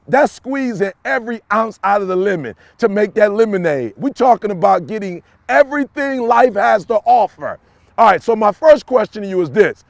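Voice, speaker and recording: A middle-aged man giving a motivational speech to camera in a preachy way, repeating lines and swinging from shouts down to low murmurs. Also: creaky, no echo. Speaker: motivational speaker.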